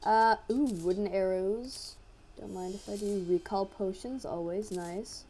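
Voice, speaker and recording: A woman giving casual let's-play commentary, excitable, yelping at enemies and muttering to herself. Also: medium pitch, a little slow, a little hiss or hum. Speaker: gaming video creator.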